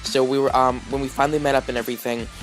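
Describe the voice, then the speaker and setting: A man's voice: medium pitch, flat delivery, racing, faint music behind. A man vlogging, telling a story casually with lots of fillers, restarts and "like"s. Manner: rambling, heavy with fillers and restarts.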